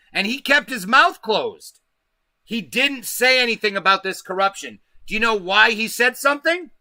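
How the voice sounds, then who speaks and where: High bright-voiced male livestream host. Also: dry recording. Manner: emphatic, profane, keeps asking "okay?". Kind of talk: casual livestream commentary.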